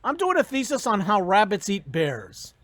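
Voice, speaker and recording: A speaker voicing a smug male rabbit writing a thesis, in a joke told during a speech, calm and matter-of-fact. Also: medium pitch, normal speed, dry recording.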